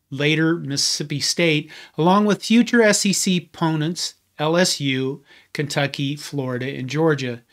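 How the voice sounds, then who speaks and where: A man's voice: fairly high pitch, fairly bright tone. A man hosting a history channel, giving a scripted narration with conversational, wry asides.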